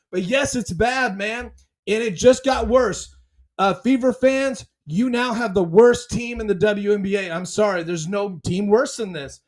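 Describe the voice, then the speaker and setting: A man hosting a sports fan podcast, ranting in a dramatic, excitable way and repeating his phrases. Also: high voice, a little slow.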